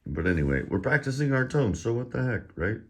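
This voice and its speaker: A very animated, medium-pitched man teaches pronunciation at a fairly quick clip, drilling syllables one at a time in a raised voice and then explaining them conversationally. The language teacher sounds slightly out of breath.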